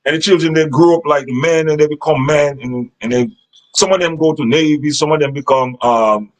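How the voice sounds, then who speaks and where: A man's voice: fairly high pitch, normal speed, rough recording. A man giving relationship advice in a rambling, repetitive monologue, often checking in with "Understand?". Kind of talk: casual monologue.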